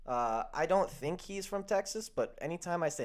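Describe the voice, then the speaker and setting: A man's voice: a little high, lively intonation. A man hosting a sports betting show, chatting casually and joking, then running through stat lines. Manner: upbeat, jokey, reads stat lines quickly.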